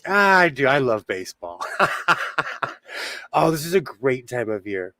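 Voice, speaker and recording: A man's voice: medium pitch, very animated, measured pace, sharp tone, no room sound. A middle-aged man hosting a sewing livestream, chatting casually with viewers, laughing often and answering their comments. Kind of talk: casual live-stream chat.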